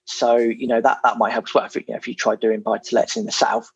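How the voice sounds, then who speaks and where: A man's voice: mid-range voice, big pitch swings, quick pace, creaky, breathy edge, no echo, highs cut off. A man from England chatting casually as a property investor guest, frank and self-deprecating, with plenty of fillers. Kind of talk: casual podcast chat.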